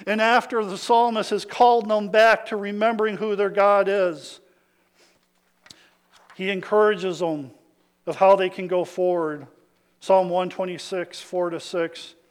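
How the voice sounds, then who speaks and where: A man preaching a sermon, swinging from hushed lines to loud calls for amens and acting out the voices of his listeners. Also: high voice, steady tone, measured pace, clear, resonant tone. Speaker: pastor.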